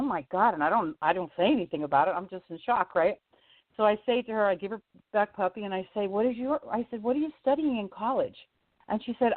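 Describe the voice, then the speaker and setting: Chatty woman telling stories over a phone line. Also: dry recording. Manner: animated storyteller, jumps into high voices for quoted people, laughs often. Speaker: singer-songwriter guest. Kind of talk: casual storytelling on a radio interview. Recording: tinny phone line, dry.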